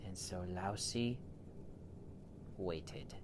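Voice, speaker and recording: A man improvising a bedtime story for a child, playful and animated, with big swings in loudness. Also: deep voice, very slow, noisy background.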